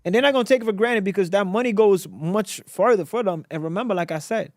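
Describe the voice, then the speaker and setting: Man, from Africa, podcast guest, rapid speech, slangy, animated, repetitive, dry close sound. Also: high-pitched, no echo. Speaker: guest entrepreneur. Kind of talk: casual podcast interview.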